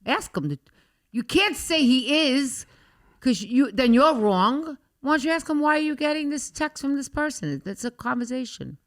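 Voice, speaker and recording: List: woman, podcast guest, casual chat, blunt, emphatic, lively pitch. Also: moderate pace.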